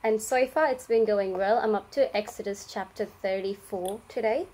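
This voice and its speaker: A woman's voice: medium pitch, moderate pace, background noise. Easygoing young Australian woman podcaster. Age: young adult. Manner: easygoing, reflective, frequent ums. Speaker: podcast co-host. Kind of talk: casual faith chat.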